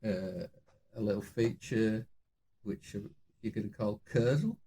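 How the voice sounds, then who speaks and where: A man's voice: fairly low pitch, slow, mellow, slight background noise. A man co-hosting a casual chat, chatty and thinking aloud, often chuckling. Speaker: podcast co-host.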